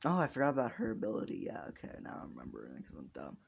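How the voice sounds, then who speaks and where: Young man, gravelly voice, rambling casual storyteller, swears a lot, laughs at himself. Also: deep voice, huge pitch swings, racing, dull audio. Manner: rambling, swears often, laughs at own jokes.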